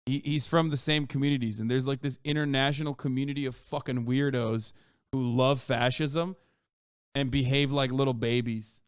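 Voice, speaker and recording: A man streaming, ranting in casual commentary with a profane, mocking edge that swings from low mutters to loud outbursts. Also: fairly even intonation, normal speed, smooth, dry recording, studio quality.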